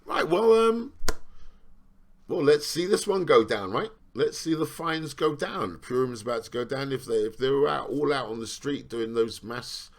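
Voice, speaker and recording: A man's voice: medium pitch, expressive, normal speed. A man reading a news article aloud and commenting on it sarcastically, rambling and asking "right?" again and again. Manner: rambling, repeats "right?" for emphasis; sarcastic, questioning.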